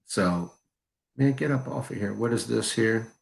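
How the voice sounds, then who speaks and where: A man with a fairly low, gravelly voice speaks a little slowly. He co-hosts a fragrance review livestream and launches into a heated rant that is blunt, mocking and crude.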